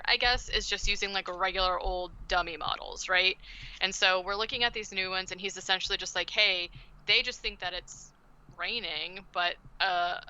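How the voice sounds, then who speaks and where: A woman's voice: medium pitch, bright, forceful tone, slight background noise, rough recording. A woman co-hosting a podcast, recapping a movie in casual chat, sarcastic and swearing, acting out quotes in silly voices. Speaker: podcast co-host.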